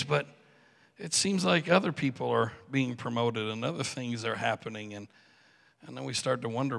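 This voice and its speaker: A man preaching a sermon in a church with animated delivery, acting out biblical figures with joking asides. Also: medium pitch, a little fast, creaky. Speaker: pastor. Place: church sanctuary. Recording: reverberant church hall.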